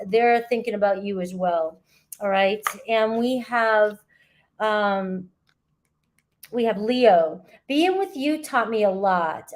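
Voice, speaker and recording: A woman talks viewers through a tarot reading from a spot at the beach. Her voice sits a little high and she keeps the flow loose and conversational. She often pauses to check in with her listeners. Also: darkish tone. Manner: chatty, frequent "all right?" and "okay?" check-ins. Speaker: tarot reader. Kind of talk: casual tarot reading to camera. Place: outdoors at the beach.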